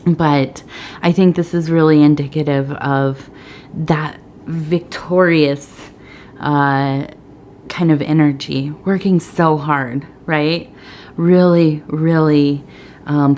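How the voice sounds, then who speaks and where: Woman, middle-aged, soft-spoken, partly whispered, rambling, slightly out of breath, low voice, slow. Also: fairly even intonation, slight background noise. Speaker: tea leaf reader. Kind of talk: soft-spoken ASMR chat.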